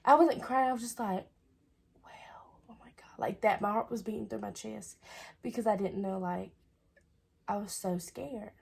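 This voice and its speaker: Young woman vlogger, AAVE, husky tone, rambling "I was like" storytelling. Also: mid-range voice, normal speed. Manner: chatty, repeats "I was like". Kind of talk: casual storytelling.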